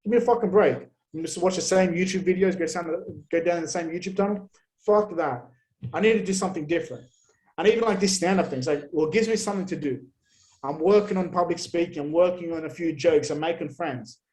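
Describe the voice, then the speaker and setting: Man, podcast guest, slightly high voice, blunt and profane. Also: fast talker, low-quality recording. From Australia. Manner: blunt, heavy swearing, animated rants. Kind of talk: casual conversational interview.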